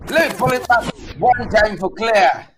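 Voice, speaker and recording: A man hosting a live political talk show, talking straight to viewers in a mocking, animated way. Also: high voice, measured pace, background noise. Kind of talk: casual live-stream commentary.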